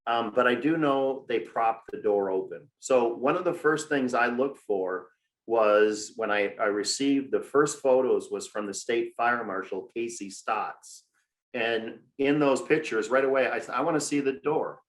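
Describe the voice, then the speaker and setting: A grieving father from Minnesota, telling his story in a podcast interview with measured, deliberate storytelling and frequent fillers. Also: medium pitch. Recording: echoey room.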